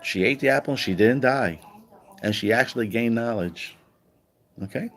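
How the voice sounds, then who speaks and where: A man giving a casual livestream monologue, animated and profane, firing off rhetorical questions and acting out quoted voices. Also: normal speed. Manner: acts out quoted voices with higher pitch. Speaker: online commentator.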